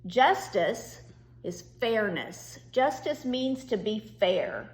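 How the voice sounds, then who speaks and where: A woman teacher talks slowly and patiently, explaining things step by step for young children. Her voice is mid-pitched. It rings in an echoey room. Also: lively intonation. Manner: slow, patient, reassuring explanations. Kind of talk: virtual class lesson to young students.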